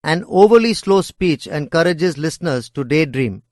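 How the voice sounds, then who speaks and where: A man reading educational course material aloud in a measured, deliberate way. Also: a little high, animated, darkish tone, no echo, clean studio sound. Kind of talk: scripted educational narration.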